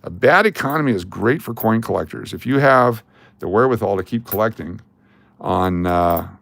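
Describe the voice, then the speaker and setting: A man's voice: lowish voice, animated, normal speed, creaky, a bit bright, no echo. An older man streaming live, chatting casually and joking while he sorts coins and calls out their dates. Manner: chatty and jokey, calling out coin dates and mint marks. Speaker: coin collecting live streamer.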